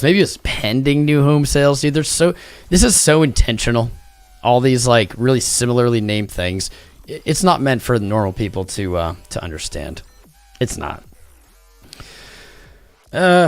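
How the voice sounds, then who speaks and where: A man's voice: mid-range voice, dry recording. A tired man hosting a livestream, chatting casually in a rambling, jokey way. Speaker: crypto livestream host.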